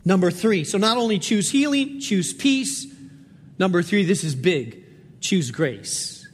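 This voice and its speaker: A man's voice: high-pitched, lively intonation, unhurried, breathy edge, in a large hall, soft background music. A man preaching a sermon as a pastor, telling stories and driving points home with emphatic repetition. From Spain.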